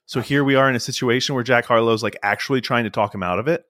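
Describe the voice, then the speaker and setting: A man co-hosting a casual podcast, excitable, stammering through restarts and saying "like" often. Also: medium pitch, quick pace, no echo, clean studio sound. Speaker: podcast co-host.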